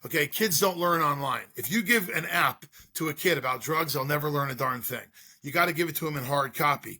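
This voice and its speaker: A man's voice: fairly high pitch, animated, normal speed, pushed and bright, husky. A middle-aged man, a school drug-prevention speaker, telling his story in an interview with earnest, repetitive rhetorical questions.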